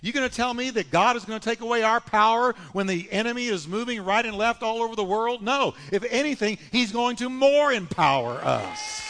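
A man preaching a sermon as pastor, with emphatic, drawn-out phrases and call-and-response with the congregation. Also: very high-pitched, fairly bright tone, big-room sound. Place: church sanctuary.

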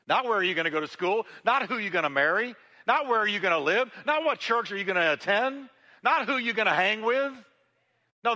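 A male pastor preaching a sermon to his congregation, swinging between loud emphasis and hushed, intimate passages, often repeating words as he builds. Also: sits high, in a large hall. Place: church sanctuary.

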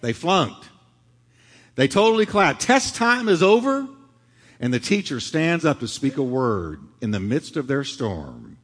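A middle-aged male pastor preaching a sermon, swinging from loud, dramatic lines to hushed ones. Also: medium pitch, big pitch swings, a little slow, husky. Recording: long hall reverb.

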